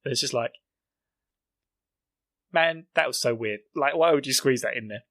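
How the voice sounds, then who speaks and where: A man's voice: medium pitch, normal speed, a bit bright, no room sound. A young British man hosting a podcast, joking and rambling as he recaps an episode and acts out characters' lines in silly voices. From Britain. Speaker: podcast host. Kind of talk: solo recap podcast chat.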